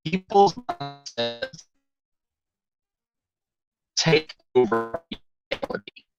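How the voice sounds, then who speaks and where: Slow-talking man on a muffled stream. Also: mid-range voice, expressive, music in the background. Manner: rambling, reads viewer names, thinking aloud. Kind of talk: casual livestream chat. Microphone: phone on a weak connection. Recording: muffled lo-fi stream audio over bad cell signal.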